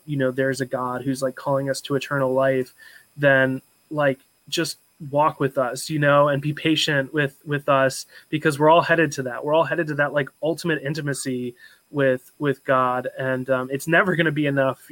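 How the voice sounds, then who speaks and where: An earnest young man talks as a podcast guest, searching for words with many fillers and restarts. His voice sits a little high with a level pitch. The sound is dry and close. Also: a bit bright, no echo. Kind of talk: casual, heartfelt podcast talk.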